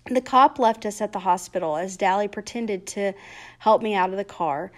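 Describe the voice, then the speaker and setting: A woman reading a novel aloud chapter by chapter, with plain, steady narration. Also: mid-range voice, moderate pace. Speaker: reader.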